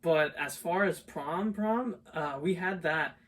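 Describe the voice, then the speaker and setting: A man's voice: on the high side, takes it slowly, a bit bright. A young man co-hosting a podcast, telling stories in a rambling, casual way full of filler words. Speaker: podcast co-host. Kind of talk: casual chat. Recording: distant mic, faint background noise.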